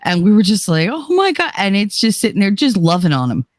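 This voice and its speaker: A woman's voice: mid-range voice, very animated, brisk, no room sound, studio quality. A woman co-hosting a casual stream chat, telling stories animatedly, quoting people and swearing freely. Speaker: stream co-host.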